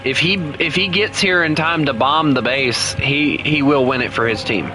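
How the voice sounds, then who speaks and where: A man's voice: fairly high pitch, moderate pace, over music. A man casually commenting on his own gameplay while streaming, chatty and laughing often as he talks to himself. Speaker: gaming streamer. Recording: noisy game audio underneath.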